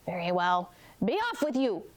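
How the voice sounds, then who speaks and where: A woman's voice: fairly low pitch, wildly swooping pitch, moderate pace, no echo, pitched below the performer's own voice. A woman doing a roaring, mean old troll. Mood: menacing. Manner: roaring, menacing threats. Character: mean ugly male troll, greedy and menacing.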